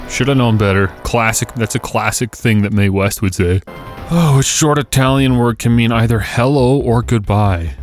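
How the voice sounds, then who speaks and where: A man doing casual gameplay commentary on a quiz game, sarcastic and exasperated, joking as he reads the questions aloud. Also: fairly low pitch. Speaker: gaming YouTuber.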